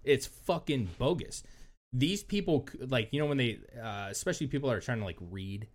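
Profane, animated male podcast co-host. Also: mid-range voice, fairly quick. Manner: animated storytelling, profane, acts out quoted voices. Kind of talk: casual chat.

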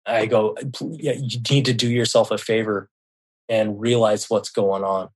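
A man's voice: on the low side, flat delivery, unhurried. Man retelling a story with restarts. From Seattle, US. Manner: emotional retelling with frequent restarts, quotes himself and others; swears when upset. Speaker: podcast guest, left-behind parent. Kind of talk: personal storytelling in an interview.

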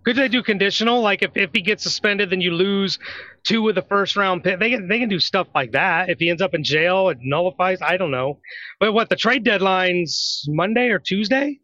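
A man's voice: sits high, sharp tone, no room sound. A man co-hosting a sports betting show, talking confidently in a casual style and reeling off stats. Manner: brisk, stat-heavy, confident. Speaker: sports betting podcast co-host. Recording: slightly dull lo-fi sound.

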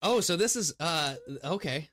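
A man's voice: on the high side, expressive, unhurried, a bit bright, slight background noise. A man co-hosting a casual podcast, joking, swearing and laughing as he reads out odd news stories. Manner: jokey, swearing, breaks into laughter and silly voices. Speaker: podcast co-host. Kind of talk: casual chat.

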